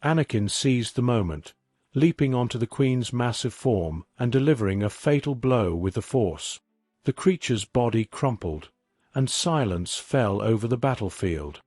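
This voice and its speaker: A man giving a scripted story narration in a measured, even reading. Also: medium pitch, no room sound.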